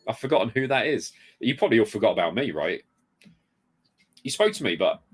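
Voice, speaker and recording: A man's voice: sits low, husky. A man chatting casually on a live stream at home, rambling and greeting viewers by reading out their comments. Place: home room full of retro games. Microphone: desk mic moved close.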